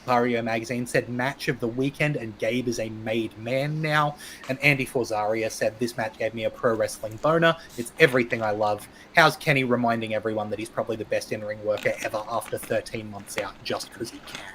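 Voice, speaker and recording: An Australian man hosting a casual podcast, steering the conversation and reading out viewer comments. His voice is mid-pitched, and faint background noise sits under the recording. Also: fairly even intonation, brisk, fairly bright tone. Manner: steers the talk, reads out chat comments. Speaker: podcast co-host. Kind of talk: casual wrestling podcast chat.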